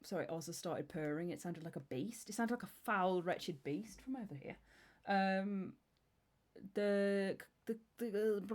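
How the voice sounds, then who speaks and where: A woman in her thirties, streaming and chatting casually with a rambling, self-deprecating manner full of restarts. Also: on the low side. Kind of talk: casual chat.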